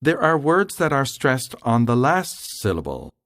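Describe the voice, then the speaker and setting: A man giving scripted, measured explanations as a language instructor. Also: medium pitch, huge pitch swings, fairly bright tone, no room sound, studio quality.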